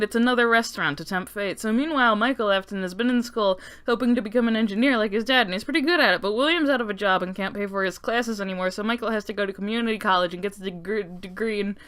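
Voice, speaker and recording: A woman's voice: mid-range voice, a bit bright. A young woman recapping a story timeline in a sarcastic, rambling way with lots of swearing. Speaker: lore recap narrator. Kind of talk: comedic lore recap.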